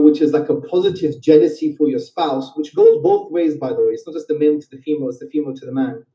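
A man's voice: fairly high pitch, dark tone. A man speaking as a guest in a played clip, explaining in a careful, qualifying way and checking in with "okay?". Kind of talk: measured explanatory talk. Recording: far-off roomy clip recording.

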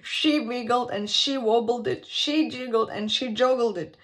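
Slow, expressive woman reading a storybook. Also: fairly high pitch. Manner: slow, expressive, sing-song storytelling with dramatic pauses. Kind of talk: children's picture-book read-aloud.

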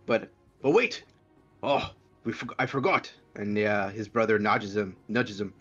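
A man's voice: fairly low pitch, measured pace, fairly bright tone, husky, lo-fi sound, soft background music. A man narrating as game master in a tabletop game, chatty and hesitant, with many fillers.

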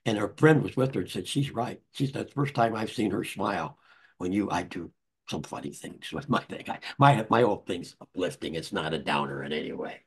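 A man's voice: deep voice, lively intonation, a little fast, vocal fry, breathy edge. An older man, an author, telling anecdotes in a rambling conversational way with many restarts. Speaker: author and guest. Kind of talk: conversational storytelling.

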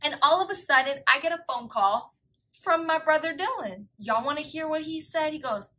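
Bright, high-voiced young woman storyteller. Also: normal speed, poor audio. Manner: animated, slangy and profane. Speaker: vlogger. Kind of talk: casual storytime.

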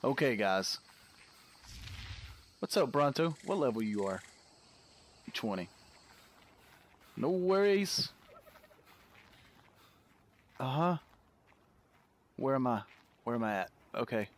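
An animated man at medium pitch narrates a let's-play slowly, leaving long pauses as he talks to viewers. He's easily spooked, breaking into yelps and laughter.

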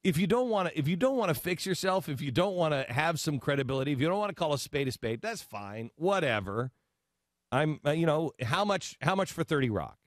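A man hosting a talk show, speaking in a sarcastic, animated way into a studio mic. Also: fairly high pitch, a little fast, dry recording. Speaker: host. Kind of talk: talk radio commentary.

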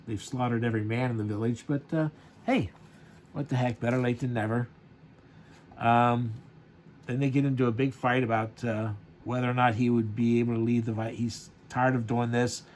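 A man's voice: medium pitch, normal speed, darkish tone, slight background noise. A man casually reviewing a comic, rambling with many fillers and chuckles.

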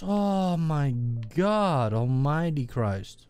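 A man casually commenting on his gameplay, excitable and swearing and yelling at the game. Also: fairly high pitch, slow, few pauses, clean tone, no room sound, soft background music. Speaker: gaming video host.

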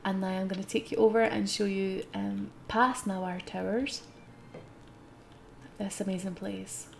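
A young Scottish woman chatting through a live game stream, giggling often and bubbling over between calmer stretches of explaining. Her voice sits in an ordinary middle pitch with a noticeable gravelly fry. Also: unhurried, a little hiss or hum.

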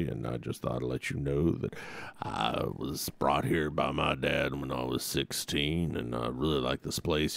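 A man putting on a low, deadpan voice for a man rambling about his past, as a comic parody. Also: creaky, no room sound, full character voice.

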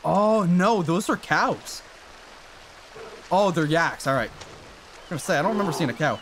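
A man giving casual, excitable gameplay commentary, swearing and shouting encouragement at his in-game companion. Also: fairly high pitch, moderate pace, a little hiss or hum. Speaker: gaming YouTuber.

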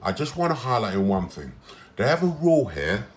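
A man's voice: mid-range voice, very animated, brisk, slight background noise. A man, a patient on a psychiatric ward, recording a personal complaint, talking emphatically and repeating himself.

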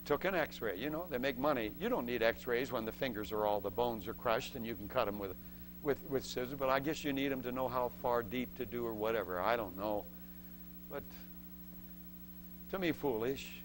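A man preaching a sermon as a testimony, telling a story with lively acted-out voices and laughs between points. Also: mid-range voice, normal speed, noisy background. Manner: acts out voices in the story and shouts the excited parts.

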